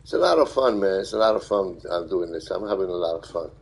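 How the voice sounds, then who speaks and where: A man live streaming, reading viewer comments aloud and thanking them in a halting, friendly way. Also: deep voice, animated, creaky, slightly rough, rough recording. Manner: halting, with many fillers and restarts. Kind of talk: casual live-stream chat.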